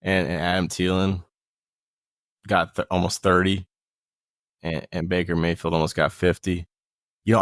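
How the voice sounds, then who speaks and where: A man with a lowish voice co-hosting a casual podcast, excitable and quick to joke and curse. The sound is dry and close, with no room around it. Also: no room sound. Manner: excitable, joking, swears freely. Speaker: podcast co-host. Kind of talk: casual chat.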